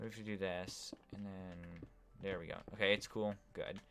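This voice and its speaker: A man's voice: sits low, level tone, normal speed, pushed and bright. A man live-streaming a building game, chatting casually to viewers with lots of fillers. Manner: rambling, talks to chat with many fillers. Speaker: gaming streamer.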